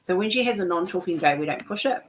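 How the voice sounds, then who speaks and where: A woman's voice: fairly low pitch, expressive, fast talker, a little hiss or hum, poor audio. A woman hosting a casual chat while she works on a craft, talking in a rambling way with many restarts, nauseous. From New Zealand. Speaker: host of a craft chat stream.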